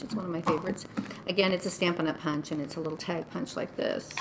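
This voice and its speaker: A woman's voice: on the low side, slight background noise, rough recording. A woman craft vlogger giving a casual show-and-tell tutorial, chatty and gushing over small details. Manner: gushing, chatty, lots of "oh my goodness".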